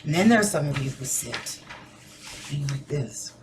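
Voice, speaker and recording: A woman's voice: deep voice, measured pace, background noise. A woman teacher giving a recorded lesson to her students, chatting casually and acting out different tones of voice. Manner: conversational, animated demonstrations of tone.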